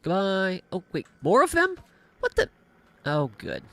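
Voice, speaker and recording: With huge pitch swings and a measured pace, a medium-pitched, slightly bright voice carries a gaming host's casual livestream chatter. He rambles with fillers and self-corrections and keeps laughing, using a studio microphone fitted with a pop filter.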